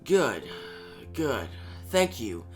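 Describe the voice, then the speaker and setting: A man reading out the soft lines of a gentle old priest near death. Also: very animated, very slow, faint music behind. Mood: gentle, fading. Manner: soft, low, quiet reading. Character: dying old male priest, gentle and calm.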